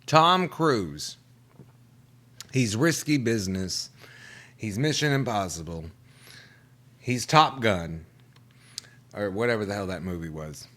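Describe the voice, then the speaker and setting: A man hosting a comedy show, delivering a casual, profane monologue and jumping into quick quoted voices. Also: on the low side, expressive, fairly bright tone.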